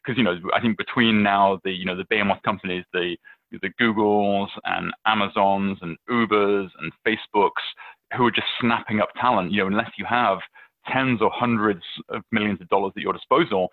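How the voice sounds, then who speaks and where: Low-voiced British man on a tinny line. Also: fairly even intonation, brisk, no echo. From England. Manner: chatty, many fillers and restarts, storytelling. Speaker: venture capitalist guest. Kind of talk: casual interview answers. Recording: dry, tinny phone-like line.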